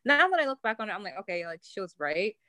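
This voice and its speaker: A young New York woman with a New York accent guests on a podcast, telling stories in casual chat and packing in "like" fillers. Her mid-range voice swings widely in pitch, moving fast with a sharp edge. The recording has no echo.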